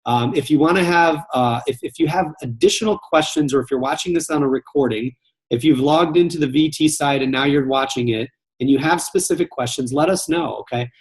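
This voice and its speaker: A man leads a live webinar for salespeople, speaking in a somewhat high voice. He is earnest and direct, circling back and repeating phrases as he works out what he means. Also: a little fast. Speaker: sales coach hosting a live training call. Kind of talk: live webinar coaching talk.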